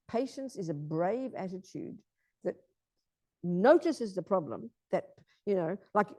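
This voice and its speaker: A woman's voice: fairly low pitch, warm tone, dry recording. A woman teaching Buddhism in an emphatic way, repeating key phrases and often asking her listeners if they understand.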